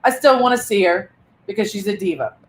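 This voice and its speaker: An older woman with grandchildren, co-hosting a casual live chat, talkative and quick to laugh at herself. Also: mid-range voice, animated. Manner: chatty, self-deprecating, laughs often. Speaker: co-host.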